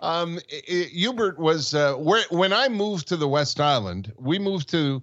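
A man's voice: fairly high pitch, lively intonation, unhurried, fairly bright tone, dull audio. A man in his sixties from Montreal, co-hosting a podcast, telling rambling childhood stories and laughing along the way. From Montreal, Canada. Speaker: podcast co-host. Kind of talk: casual storytelling chat.

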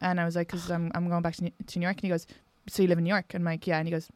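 A woman's voice: lowish voice, little pitch movement, rapid-fire, no room sound. A woman, a guest comedian, chatting casually, laughing and correcting herself as she goes. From Ireland. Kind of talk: casual chat.

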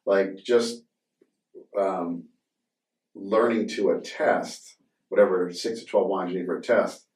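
A man's voice: deep voice, steady tone, slow, a little mellow. A man hosting a podcast, chatting casually and rambling with many fillers and restarts. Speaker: podcast host. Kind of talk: casual conversation. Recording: roomy sound from a distant mic.

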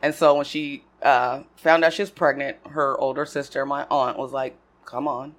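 Woman, from Oregon, interview guest, unhurried storyteller, laughs between thoughts. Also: extremely low pitch, fairly even intonation. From Portland, Oregon, USA. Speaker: guest, comedy festival producer and DJ. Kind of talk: casual interview chat.

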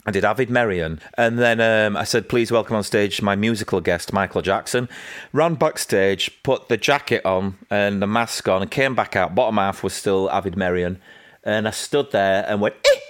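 Yorkshire man telling lively stories. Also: normal speed. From England. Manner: animated anecdotes, acting out quotes with raised pitch. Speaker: guest. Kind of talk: casual interview storytelling.

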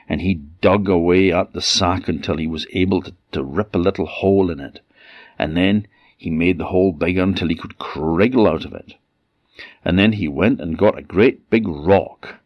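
Man, Orcadian Scottish accent, folktale storyteller, very low voice, dull lo-fi sound. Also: no room sound. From Orkney, Scotland. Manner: lively, animated, voices every character. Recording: dull lo-fi dry recording.

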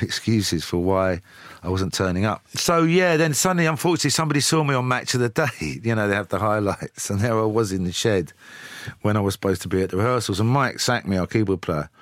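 A man, telling lively anecdotes with chuckles as a studio guest. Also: on the low side, dry recording. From England. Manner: lively, chuckling storyteller with frequent "you know". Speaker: musician, guest. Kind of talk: casual chat, anecdotal storytelling.

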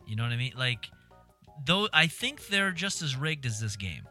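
Bright, lively rambling man in his thirties. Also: mid-range voice, moderate pace, soft background music. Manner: rambling, self-correcting storyteller. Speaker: gamer chatting with a friend. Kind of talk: casual chat over gameplay.

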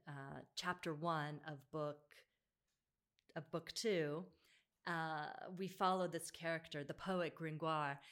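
A woman with a notably low voice talks in an easy, conversational way. She thinks aloud, circling back with fillers and restarts as she goes. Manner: thoughtful, with frequent fillers and restarts. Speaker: bookshop podcast host. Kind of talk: casual conversational discussion.

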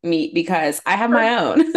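A woman's voice: mid-range voice, sing-song, measured pace. A woman co-hosting a podcast, chatting casually, agreeing and laughing along. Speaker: podcast co-host. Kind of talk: casual recap chat.

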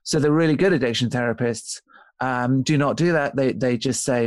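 A man's voice: mid-range voice, normal speed, no room sound. A man being interviewed as an author on a podcast, explaining ideas thoughtfully with frequent restarts and checking in with "right?". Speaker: author and guest.

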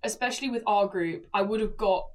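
A woman's voice: mid-range voice, brisk, far from the mic. A young woman, a podcast co-host, telling a story in casual chat and acting out the quotes, with frequent swearing. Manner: chatty storyteller, acts out quotes, swears often.

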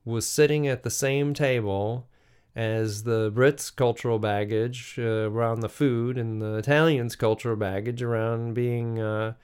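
Podcast host, American man, middle-aged, unhurried reflective monologue, smooth clear voice. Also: medium pitch, fairly even intonation, darkish tone. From United States. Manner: musing, unhurried, with frequent restarts and fillers.

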